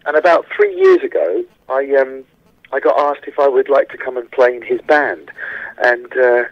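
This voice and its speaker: A man's voice: medium pitch, very animated, moderate pace, gravelly, dry recording. A man, a musician guest chatting enthusiastically in a radio interview, talking with lots of restarts. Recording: dry, dull phone-line sound.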